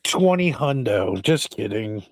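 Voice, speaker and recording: A man's voice: on the low side, very animated, measured pace, no echo. A man on a comics panel, joking and laughing often as he talks. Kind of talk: casual podcast chat.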